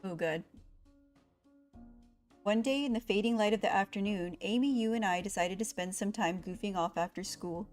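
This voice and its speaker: A woman's voice: mid-range voice, moderate pace, soft background music. A young woman streamer reading a visual novel game aloud, voicing its story with feeling and chatting between lines. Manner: expressive, voicing the inner monologue with rising panic.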